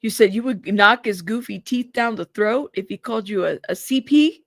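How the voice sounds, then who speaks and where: A woman's voice: mid-range voice, moderate pace, vocal fry, no room sound, studio quality. A woman hosting a casual live stream, chatting, reacting to viewers and laughing. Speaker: host of live trial coverage stream.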